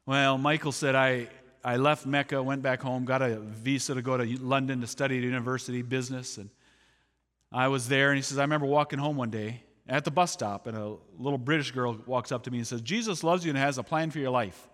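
A man's voice: mid-range voice, a little fast. Man preaching in a reverberant hall. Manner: animated storyteller acting out quoted voices. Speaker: missionary speaker. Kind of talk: sermon with storytelling.

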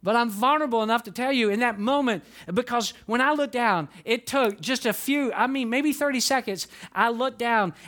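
A middle-aged male pastor preaches a sermon, telling a story that swings between animated outbursts and hushed, earnest tones. His voice sits high.

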